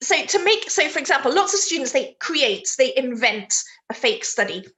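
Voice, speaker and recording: British female tutor, high-pitched and chatty, live online essay feedback. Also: sing-song, moderate pace, fairly bright tone. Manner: chatty, laughs easily, reads chat aloud mid-sentence. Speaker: IELTS teacher.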